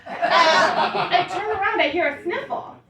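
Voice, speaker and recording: A woman in her thirties does stand-up on a comedy club stage, telling wry, self-deprecating stories to a laughing crowd in an extremely high, bright, pushed voice at a slightly slow pace. The sound is echoey and captured from a distance, with audience laughter.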